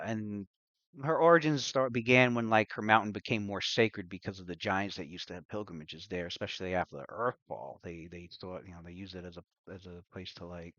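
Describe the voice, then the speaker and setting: A man's voice: lowish voice, a bit bright, no room sound, highs cut off. A man narrating a tabletop game as game master, rambling with many fillers and restarts and frequent laughs.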